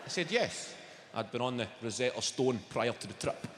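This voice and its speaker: A Glaswegian man doing a stand-up comedy set, bantering with the crowd in a loud, swearing manner. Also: mid-range voice, brisk, very noisy. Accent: Scottish, Glaswegian. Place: large theatre stage with audience. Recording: roomy hall reverb over loud audience.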